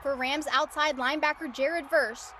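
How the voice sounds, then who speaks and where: High bright lady reading a sports feature, faint room noise. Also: fairly even intonation, normal speed. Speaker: reporter. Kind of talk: scripted narration.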